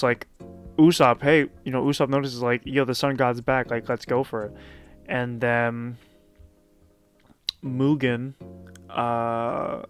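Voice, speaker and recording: A man with a smooth, medium-pitched voice chats about a manga chapter, recapping and commenting in a loose, casual way. He uses lots of fillers and laughs briefly and often.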